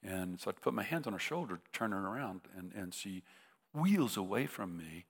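A man of about seventy, a preacher telling a personal story, halting and restarting, rising into emotional peaks. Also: lowish voice, very animated. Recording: long reverb of a large hall.

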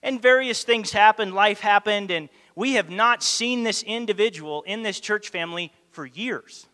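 A man's voice: high voice, moderate pace. A man preaching a sermon, telling a story animatedly and acting out the dialogue. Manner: animated, acts out quoted dialogue. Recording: long hall reverb.

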